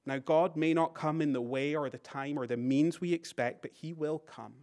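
A British man preaching a sermon in a church, earnest and repeating key phrases, rising for emphasis and dropping very quiet at the ends of phrases. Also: fairly high pitch, steady tone, moderate pace. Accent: British English. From Britain.

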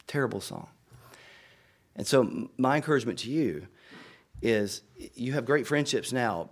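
Earnest low-voiced pastor preaching. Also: male voice. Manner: earnest, conversational storytelling with repeated words. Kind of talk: sermon to fellow pastors.

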